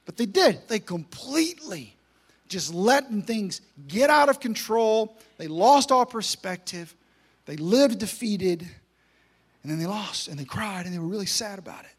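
A man's voice: high voice, unhurried, slightly rough. A man preaching a sermon, telling a story with energy, humor and repeated emphasis. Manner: energetic, joking, repetitive emphasis.

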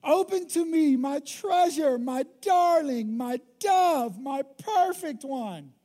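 A preacher acting out an eager ancient king who pleads loudly and drawn-out at his wife's door. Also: high voice, lively intonation, long reverb tail, voice pushed up. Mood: pleading.

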